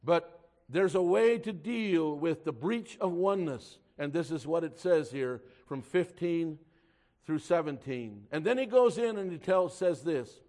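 This preacher's voice is a little high and expressive. Addressing his church, he gets loud and slow on key words and turns quiet whenever he reads old-fashioned scripture aloud.

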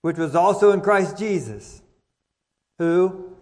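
A man preaching a sermon, reading scripture aloud and repeating key words with deliberate emphasis. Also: high-pitched, darkish tone. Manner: slow, deliberate, emphatic repetition. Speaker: pastor. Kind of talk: King James scripture reading.

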